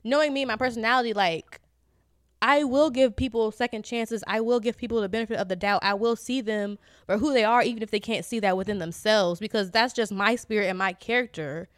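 A woman's voice: on the high side, brisk, no echo, clean studio sound. A young woman co-hosting a podcast, chatting candidly with frequent fillers and laughs. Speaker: podcast co-host. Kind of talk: casual chat.

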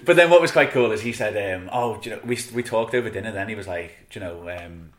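A man's voice: fairly low pitch, fast talker, a bit bright, roomy sound. A British man chatting as a podcast guest, telling a travel story in a self-mocking, laughing way. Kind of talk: casual storytelling.

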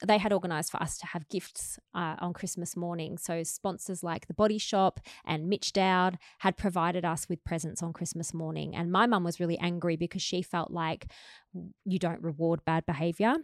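A woman in her forties with an Australian accent, hosting a podcast and talking candidly and frankly, lively when she retells family conversations. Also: lowish voice, normal speed, no room sound, clean studio sound. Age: 40s. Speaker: podcast host. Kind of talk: candid casual chat.

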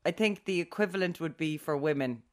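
A woman in casual chat, reacting quickly, laughing along and telling her own story. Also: deep voice.

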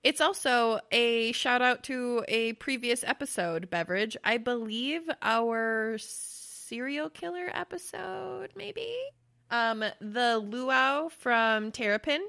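A young woman co-hosting a podcast in casual chat, her voice bright and a little high. She swears freely and laughs a lot, wearing her feelings openly. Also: expressive, takes it slowly, creaky. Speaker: podcast co-host.

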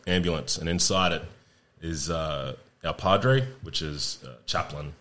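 A man's voice: extremely low pitch, unhurried, fairly bright tone. A man, a podcast guest telling war stories in a laid-back, profane way and laughing through them. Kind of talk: casual storytelling chat.

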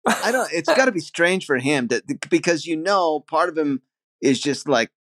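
A man's voice: a little high, animated, normal speed, a bit bright, dry recording, studio quality. A man co-hosting a casual podcast chat, musing aloud and hedging with "I think" and "I don't know". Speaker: podcast co-host, comedian. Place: living in Germany.

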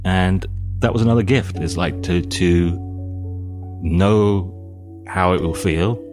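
A British man speaking as an interview guest, telling his story in a calm, thoughtful way. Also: low voice, slow pace, music in the background. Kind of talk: reflective interview talk.

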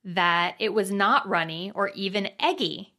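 A woman's voice: mid-range voice, measured pace, sharp tone. A woman hosting a podcast in casual chat, giggly and teasing as she reads out listener messages. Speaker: podcast host.

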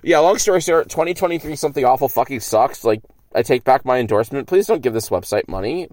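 A man's voice: medium pitch, expressive, quick pace, a little mellow, no room sound. A man hosting his own podcast, rambling alone in a car with lots of stammered restarts and filler words. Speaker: podcast host. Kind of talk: rambling solo podcast monologue. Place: inside a car.

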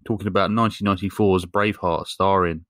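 Man, low voice, dry close sound, deadpan, sweary, casual storytelling. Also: fast, no echo. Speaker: podcast host. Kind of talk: casual chat recapping a film.

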